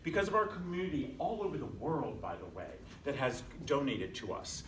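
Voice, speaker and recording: A man's voice: mid-range voice, very animated, brisk, a bit bright. A man tells his story to a class in a chatty, self-deprecating way, and he acts out the people he quotes. He sounds distant, as if picked up from across an echoey room. A faint hum of room noise sits underneath. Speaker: guest speaker. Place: conference room at a bank, from a distance.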